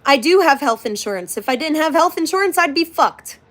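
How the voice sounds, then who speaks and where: High-pitched woman streamer, casual, candid, swears freely. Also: animated, brisk, fairly bright tone. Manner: blunt and profane, talks candidly to viewers. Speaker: livestreamer. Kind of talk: casual livestream chat.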